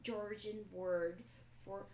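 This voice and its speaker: Woman teacher, unhurried explanatory delivery, echoey room with faint noise. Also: medium pitch, steady tone, darkish tone. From Brazil. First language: Portuguese. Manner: slow, explanatory, checks in with "okay?". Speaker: English teacher. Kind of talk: live-stream language lesson.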